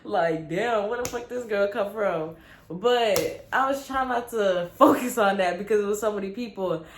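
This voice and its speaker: A young woman vlogger telling a casual, animated story with lots of slang. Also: mid-range voice, moderate pace, a little hiss or hum. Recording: roomy with faint ambience.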